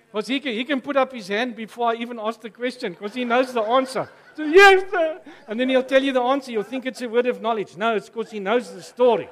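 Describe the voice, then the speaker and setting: Man, South African accent, high voice, preacher, jokey storytelling sermon, quizzes the audience. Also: low-quality recording. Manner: animated and jokey, asking the audience questions. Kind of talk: storytelling sermon to a live congregation.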